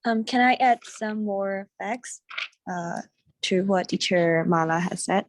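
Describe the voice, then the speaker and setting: A woman's voice: mid-range voice, slow, dry recording. A woman in a casual study-group discussion, speaking hesitantly with many fillers as she recalls points from memory. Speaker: teacher trainee in a study group.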